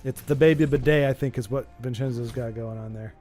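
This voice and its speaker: A man hosting a stream, chatting casually in a rambling, animated way. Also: medium pitch, faint music behind. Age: adult with a young child. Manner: rambling, animated, does quick silly voices. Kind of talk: casual chat.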